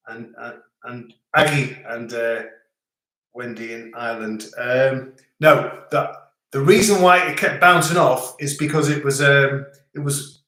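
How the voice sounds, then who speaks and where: A man's voice: medium pitch, fairly bright tone. A middle-aged man hosting a live stream, chatting casually and rambling as he reads out viewer comments. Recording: echoey room.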